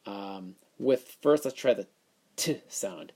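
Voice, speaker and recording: A man's voice: fairly low pitch, lively intonation, slow, darkish tone. A male teacher explaining a phonics lesson, sounding words out and thinking aloud as he works through each one.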